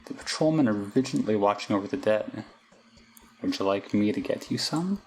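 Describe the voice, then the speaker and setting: A man's voice: lowish voice, a little fast, a little hiss or hum, voice pushed down, natural voice, low-quality recording. A man reading the lines of an impatient, earnest male doctor in his own voice. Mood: urgent. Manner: read flatly in own voice.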